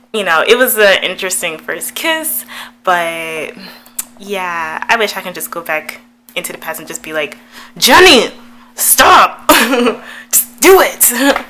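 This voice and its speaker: A young woman chats through a personal story for her vlog, giggling often and padding her sentences with fillers. Her voice is bright, and a faint hum sits under the recording. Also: lowish voice, poor audio. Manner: chatty, giggly, lots of fillers. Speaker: YouTuber.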